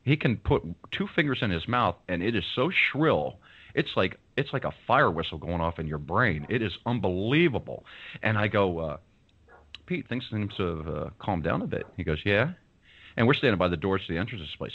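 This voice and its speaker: Male radio host, casual storyteller, quick, lively pitch, dull lo-fi sound. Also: husky. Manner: animated, acts out the people in his story.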